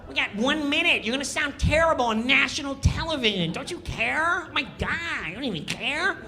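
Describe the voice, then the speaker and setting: A man doing a shrill, nagging coworker. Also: animated, normal speed, bright, forceful tone, full character voice. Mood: whiny, nagging. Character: whiny, nitpicking male comedian coworker.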